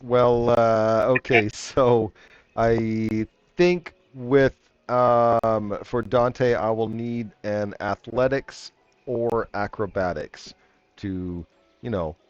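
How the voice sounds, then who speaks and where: A man running a tabletop game as game master, relaxed and chuckling. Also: mid-range voice, drawn-out words, smooth, dry recording, lo-fi sound.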